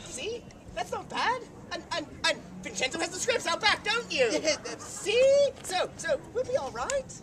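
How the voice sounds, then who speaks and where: Casting: man doing smug preening Italian actor, lively high voice, from afar with crowd. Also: measured pace, exaggerated voice. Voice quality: smug, theatrical. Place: outdoor fair stage. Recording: distant mic, outdoor crowd.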